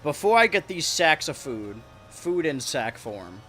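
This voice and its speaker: A man's voice: fairly high pitch, unhurried, soft background music. Rambling jokey male game streamer. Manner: rambling and jokey, with sudden excited yelps. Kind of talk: live-streamed gameplay commentary.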